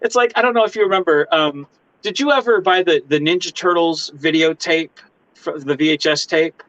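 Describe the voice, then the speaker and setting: Excitable man with a muffled, dry sound. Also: moderate pace. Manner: excitable, swearing, acts out voices with big pitch jumps. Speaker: host. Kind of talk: casual interview chat.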